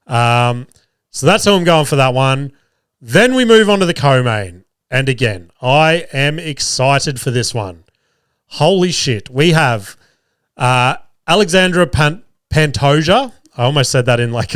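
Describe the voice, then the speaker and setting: With a clean, medium-pitched tone, an Australian podcaster chats casually about his sports bets, rambling with frequent swearing, fillers, and false starts, and coughing because he's unwell. A studio mic in a small studio captures it at studio quality without room sound.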